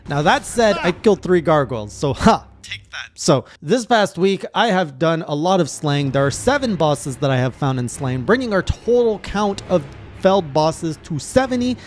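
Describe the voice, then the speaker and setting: A man, a gaming streamer, recapping his playthrough in casual narration with animated, excited reactions. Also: on the high side, normal speed.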